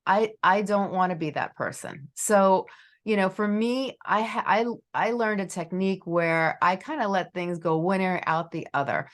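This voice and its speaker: A woman's voice: medium pitch, normal speed. A middle-aged woman hosting a podcast interview in a casual, rambling way, leaning on "you know" a lot. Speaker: podcast host.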